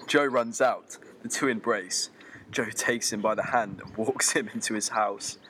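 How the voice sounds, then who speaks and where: A man's voice: mid-range voice, moderate pace, background noise. A man, a podcast co-host, reading a silly story aloud and giggling mid-sentence.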